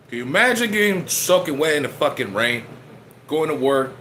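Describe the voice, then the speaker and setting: A man's voice: on the high side, very animated, normal speed, pauses often, fairly bright tone, a little hiss or hum. A man, streaming and chatting casually to his viewers, rambling and joking as he eats. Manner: rambling, joking, talks while eating.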